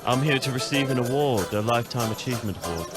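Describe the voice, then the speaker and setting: A man's voice: mid-range voice, lively intonation, quick pace, music in the background, pitched below the performer's own voice, close to an everyday voice. A man playing an aging male pop star in an improv radio sketch, giving polite, dry answers.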